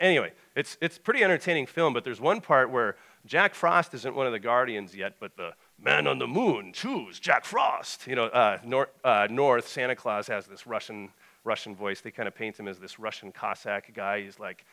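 A man's voice: fairly low pitch, pushed and bright, clear, resonant tone. A young male pastor preaching a conversational sermon, reading a short passage and then telling anecdotes.

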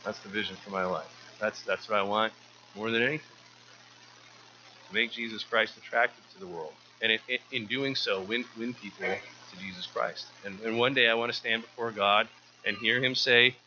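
A man's voice: fairly low pitch, fairly even intonation, moderate pace, bright, forceful tone, highs cut off, slight background noise. A man giving an informal sermon to his church, earnest and often repeating words as he restarts. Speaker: church speaker.

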